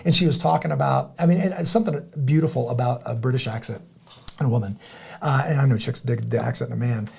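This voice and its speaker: A middle-aged man chats casually as a podcast host. His voice is gravelly, husky and mellow. He rambles in halting bursts, with many restarts and fillers. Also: mid-range voice. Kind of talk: casual chat.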